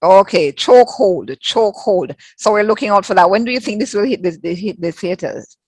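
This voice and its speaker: Woman host, mid-pitched, dry sound, keeps repeating affirmations. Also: animated, fairly quick, darkish tone, slightly rough, dry recording. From Jamaica. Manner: affirming, repeats phrases, many backchannels. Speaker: interviewer host. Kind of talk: interview.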